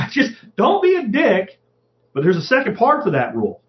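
A man's voice: high-pitched, wildly swooping pitch, moderate pace. A middle-aged man hosting his podcast in a casual, profane monologue, often acting out the voices of people he quotes. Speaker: podcast host. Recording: dull lo-fi podcast audio.

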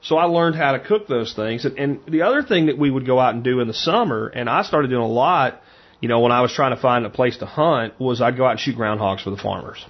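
A man's voice: mid-range voice, expressive, a little fast. A man from Pennsylvania who hunts and cooks game, telling stories in a frank, rambling way and often repeating words. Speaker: hunter and cook. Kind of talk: casual storytelling. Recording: dull lo-fi sound.

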